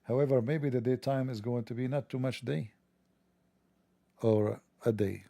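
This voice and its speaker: A man's voice: medium pitch, steady tone, a little slow, vocal fry, warm tone, no room sound. A man delivering a sarcastic, mocking satirical monologue.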